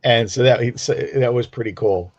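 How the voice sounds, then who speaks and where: A man's voice: medium pitch, normal speed, muffled recording, background noise. A man joining a live online show as a guest, speaking hesitantly and stumbling often in casual chat. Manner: hesitant, full of restarts.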